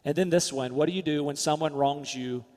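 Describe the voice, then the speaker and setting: A man preaching a sermon as pastor, emphatic, rising loud then dropping to quiet, soft asides. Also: fairly high pitch, a little fast, big-room sound.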